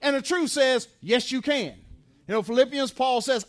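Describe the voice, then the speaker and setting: High-voiced emphatic male preacher. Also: normal speed, fairly bright tone. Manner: emphatic preaching with repetition and call-and-response questions. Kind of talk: sermon. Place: church sanctuary.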